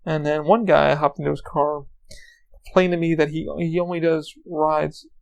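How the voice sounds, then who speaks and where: Man, podcast host, casual rambling storytelling, swears a lot, raspy gravelly edge. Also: fairly high pitch, level tone, normal speed, darkish tone, dull audio. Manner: rambling, profane, repeats words while telling anecdotes.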